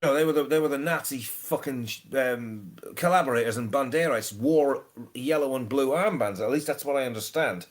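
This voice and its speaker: A man's voice: medium pitch, moderate pace, few pauses. A man in casual podcast chat, ranting, swearing freely and stumbling over repeated words.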